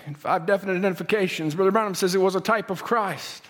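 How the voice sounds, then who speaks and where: A male preacher delivering a sermon, swinging from shouted, singsong lines to quiet asides. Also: high-pitched, fast talker.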